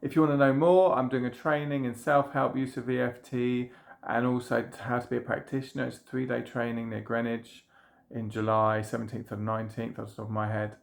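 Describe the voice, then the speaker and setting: A man, a trauma healing practitioner, calmly guiding viewers through a tapping exercise with gentle, repeated phrases. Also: medium pitch, fairly quick, gravelly. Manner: gentle, repetitive guided phrases. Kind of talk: guided tapping demonstration.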